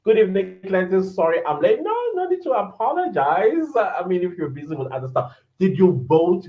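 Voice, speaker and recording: A man's voice: sits high, very animated, brisk. A man hosting a livestream podcast, chatting casually, laughing often and greeting viewers by name as he reads their comments aloud. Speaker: podcast host reading live chat. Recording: echoey room, dull lo-fi sound.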